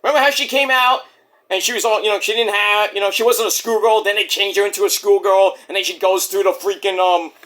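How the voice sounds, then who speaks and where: A man's voice: high-pitched, fairly even intonation, fast talker, pushed and bright. A man giving a casual, profane review of a wrestling show, ranting and acting out what people said. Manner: profane, ranting, acts out quotes.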